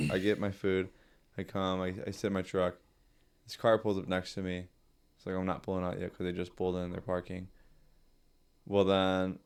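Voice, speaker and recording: Casting: lowish-voiced young guy, podcast co-host, animated, rambling storyteller. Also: smooth. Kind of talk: casual chat.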